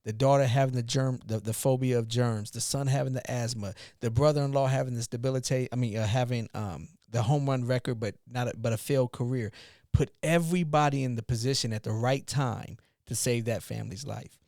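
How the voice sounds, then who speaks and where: A man with a mid-range voice tells a long story on a podcast, animated and rambling, often restarting his sentences. The sound is dry and close. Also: mid-range voice, fairly quick, dry recording. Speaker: podcast co-host, father, youth mentor. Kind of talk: casual storytelling.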